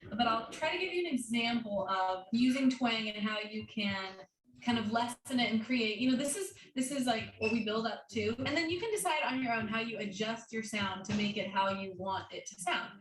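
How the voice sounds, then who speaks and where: A woman's voice: fairly high pitch, normal speed. A woman guest voice coach teaching an online singing lesson in an upbeat way, demonstrating odd sounds. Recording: roomy, distant mic with faint noise.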